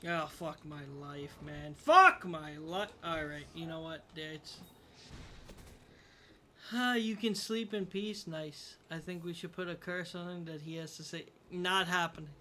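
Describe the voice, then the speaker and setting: Bright-voiced frustrated young gaming streamer man. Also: a little high, steady tone, unhurried, slight background noise. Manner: frustrated, swearing, self-mocking. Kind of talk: casual gameplay commentary to chat.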